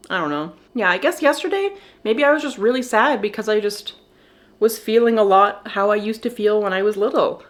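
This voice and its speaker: A young woman vlogging candidly about feeling lonely, talking in a soft, halting way and a little teary, with nervous laughs. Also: mid-range voice. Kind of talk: candid personal vlog.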